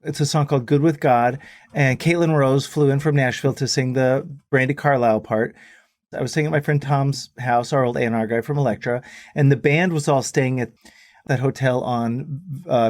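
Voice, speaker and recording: A middle-aged man from Texas, a guest musician on a podcast, telling a rambling, animated anecdote and acting out other people's lines. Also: medium pitch, brisk, no room sound, studio quality. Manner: rambling, animated storyteller who acts out quotes.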